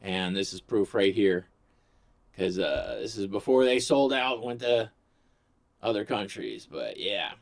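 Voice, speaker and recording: Lower-voiced man, ranting vlogger, rambling and profane. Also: lively intonation, a little slow. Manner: rambling, sarcastic, profane, restarts often. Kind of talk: casual ranting vlog.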